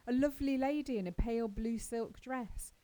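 A woman reading aloud as a chatty, dreamy orphan girl who gushes with wide-eyed excitement. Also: a little high, moderate pace, close to an everyday voice, poor audio. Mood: gushing. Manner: breathless, gushing and wide-eyed. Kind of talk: audiobook character reading.

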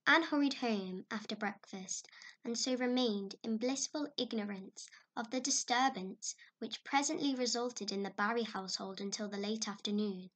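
A woman narrating a classic story in a measured, expressive way. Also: a little high. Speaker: audiobook narrator. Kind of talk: scripted narration.

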